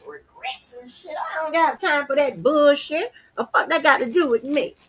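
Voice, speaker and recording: A woman hosting her own livestream rants bluntly and defiantly, swearing heavily and repeating words. Her voice is high and her pace moderate.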